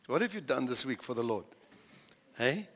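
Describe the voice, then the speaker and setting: A man's voice: mid-range voice, sing-song, normal speed, fairly bright tone. Older man, pastor, conversational sermon, questions to the congregation, long hall reverb.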